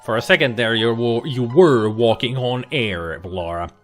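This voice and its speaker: A man with a medium-pitched voice speaks at a moderate pace, hosting a let's play. He jokes and chats casually as he plays an old computer game, muttering asides over faint game music.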